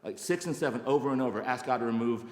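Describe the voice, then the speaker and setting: A man's voice: medium pitch, fast talker. Older guy in his 60s telling his recovery story, self-mocking, lots of restarts, big echoey hall. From Alabama, United States. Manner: animated, self-mocking, many restarts and acted-out quotes. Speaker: speaker at a recovery meeting. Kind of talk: personal testimony talk. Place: large meeting hall.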